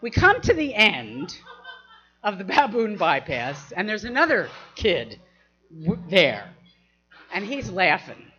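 A woman's voice: medium pitch, wildly swooping pitch, slow, fairly bright tone. A woman telling a personal anecdote, laughing often and acting out the people she quotes. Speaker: storyteller. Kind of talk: personal anecdote told to an audience. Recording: dull lo-fi recording.

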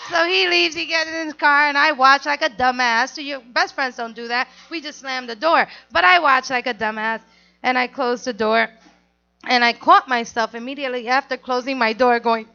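A woman telling a candid personal story in an animated, confessional way, on a dull lo-fi recording. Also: high-pitched, normal speed.

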